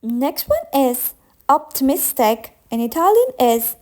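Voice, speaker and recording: A young woman teaching a vocabulary lesson, saying each word slowly and carefully and repeating it. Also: high-pitched, big pitch swings, darkish tone. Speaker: language teacher. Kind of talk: vocabulary lesson with slow repetition.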